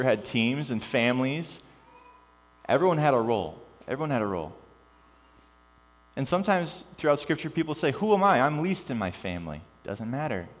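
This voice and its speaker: A man preaching a sermon, animated and joking at times, then dropping to quiet emphasis. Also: medium pitch. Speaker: pastor. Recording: long reverb with mains hum.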